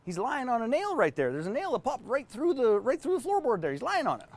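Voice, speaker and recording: A man voicing an easygoing elderly man from the Deep South who talks in an unbothered drawl. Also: huge pitch swings, fast, heavily acted. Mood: matter-of-fact.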